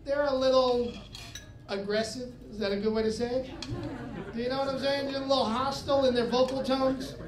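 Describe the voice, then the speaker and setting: A high-voiced man performs stand-up with an animated, punchy delivery. He works a club stage, and his voice rings through an echoey room. A crowd laughs audibly around him. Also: fairly quick. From United States. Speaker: stand-up comedian. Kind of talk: stand-up comedy set. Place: comedy club stage with live audience.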